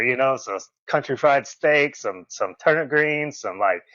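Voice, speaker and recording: Animated man telling stories. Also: mid-range voice, normal speed, no echo. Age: 40s. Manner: animated, acts out quoted lines in a raised voice, laughs often. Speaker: podcast guest, former wrestler. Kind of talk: casual storytelling interview. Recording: dull, slightly muffled audio.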